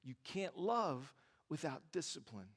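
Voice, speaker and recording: A male pastor preaching a sermon in a church, lively and joking, repeating phrases for emphasis. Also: on the high side, unhurried, breathy edge. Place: large church auditorium. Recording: reverberant church hall.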